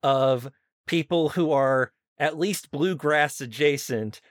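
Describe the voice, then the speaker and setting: A man's voice: a little high, slow pace, no room sound. A man co-hosting a casual comedy podcast, playful and riffing on ideas. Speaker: podcast co-host.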